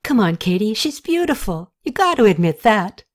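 A woman's voice: mid-range voice, very animated, moderate pace. A woman reading the lines of an eager, smitten young man in an audiobook.

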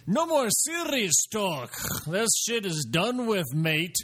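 A man's voice: sits high, very animated, a bit bright. A man in crude, joking banter among friends, teasing and laughing often. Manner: laughing, teasing, drawn-out delivery.

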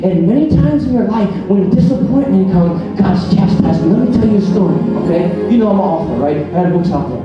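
A middle-aged man preaching a sermon, swinging between hushed passages and loud, excited ones. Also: sits high, a little fast, few pauses, faint music behind. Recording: very echoey hall, mic at a distance.

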